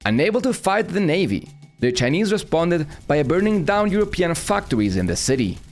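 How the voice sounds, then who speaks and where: A man narrating an animated history video in a brisk, matter-of-fact tone. His voice sits a bit high and swings lively in pitch. Soft music runs underneath. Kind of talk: scripted narration.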